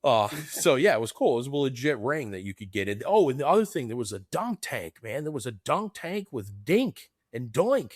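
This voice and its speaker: A man's voice: mid-range voice, very animated, moderate pace, hardly any pauses, no room sound, clean studio sound. Laid-back man laughing through wrestling stories. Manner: laid-back, laughs often, calls people man and brother. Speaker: podcast co-host. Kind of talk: casual chat.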